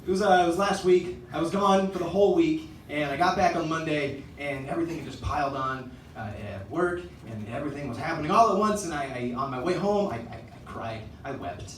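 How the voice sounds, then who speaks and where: Stand-up guy with a high bouncy voice, self-deprecating rambling story, echoey theater, mic far away. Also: brisk, hardly any pauses, slight background noise. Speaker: stand-up comedian. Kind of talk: stand-up routine. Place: theater stage.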